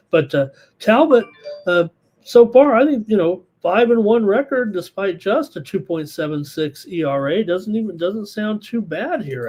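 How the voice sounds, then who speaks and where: A hoarse man hosting a live sports betting show, thinking aloud through picks in a rambling, casual way. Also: on the high side, darkish tone. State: hoarse, losing his voice.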